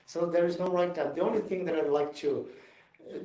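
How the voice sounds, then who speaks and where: Male executive speaker, slightly high voice, earnest and emphatic, picked up from a distance in a roomy space. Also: steady tone, brisk, warm tone. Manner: earnest, emphatic, repeats himself in non-native English. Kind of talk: motivational talk and Q&A. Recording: roomy sound from far off the mic.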